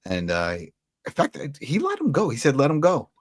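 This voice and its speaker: Guy recapping a tv episode with his buddy, lively up-and-down voice, dry close sound. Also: a little high, fairly quick, no echo. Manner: animated, laughs a lot, acts out scenes in quoted voices. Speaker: podcast co-host reviewing a TV episode. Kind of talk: casual chat.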